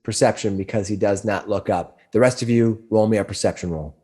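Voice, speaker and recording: A man's voice: fairly low pitch, fairly quick, mellow, husky. A man running a tabletop game as game master, narrating and explaining rules in a rambling way with many restarts.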